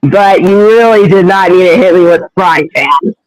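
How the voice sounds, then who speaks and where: Brief: cartoon girl hedgehog, gentle and slow, voiced by a man, bright tone. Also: sits high, dry recording, lightly acted, rough recording. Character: female hedgehog on the run, polite.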